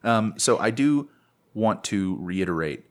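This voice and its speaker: A man's voice: fairly low pitch, expressive, unhurried. A man co-hosting a podcast in casual chat, playful and rambling, making jokes at his own expense. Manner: playful, rambling, self-mocking. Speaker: podcast co-host.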